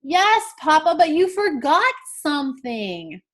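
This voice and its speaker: This is a tiny, excitable red chicken from a storybook, as a woman teacher puts her on. Her voice sits up high and sounds eager and pleading. Her words come out slowly, one at a time. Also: exaggerated voice. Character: small excited little red chicken child. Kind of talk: storybook read-aloud.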